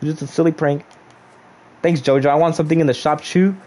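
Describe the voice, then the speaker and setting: A man's voice: fairly high pitch, fairly even intonation, fast, dark tone. A young man casually chatting on a gaming livestream, reading viewers' chat aloud and joking back at them.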